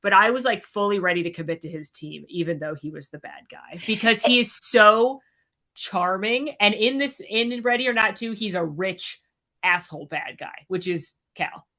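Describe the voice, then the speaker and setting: A woman guest on a podcast, chatting casually in a lively, animated way. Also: mid-range voice, normal speed. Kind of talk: casual chat.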